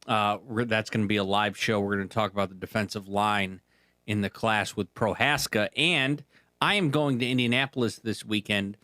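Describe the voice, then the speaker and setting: A man's voice: lowish voice, moderate pace, sharp tone, no echo, studio quality. A man co-hosting a podcast, chatting casually and announcing upcoming shows. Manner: easygoing, hesitant with fillers. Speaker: podcast co-host. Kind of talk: casual banter.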